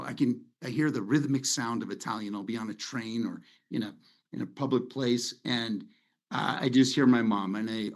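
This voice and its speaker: A middle-aged man hosting a webinar over slides from his home office on a video call, talking in a loose, sentimental, rambling way. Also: medium pitch. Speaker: webinar host. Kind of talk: casual presentation over slides.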